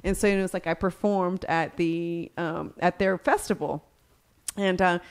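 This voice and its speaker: A woman's voice: on the low side, unhurried, clear, resonant tone. Texan woman, co-host, bubbly storyteller. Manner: animated, laughing storyteller. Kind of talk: casual storytelling.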